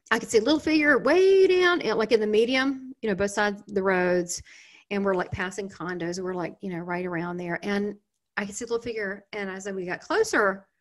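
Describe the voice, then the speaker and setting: Southern lady rambling to her viewers, lots of ums and side notes, middle-aged, chatty. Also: mid-range voice. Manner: chatty, rambling, many fillers and asides. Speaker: channel host. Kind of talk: casual storytelling to viewers.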